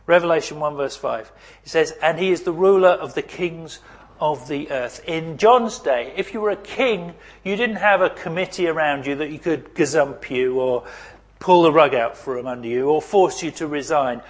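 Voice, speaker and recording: A middle-aged man preaching a sermon. He swings between loud emphasis and near-whispered asides. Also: fairly high pitch, animated, moderate pace.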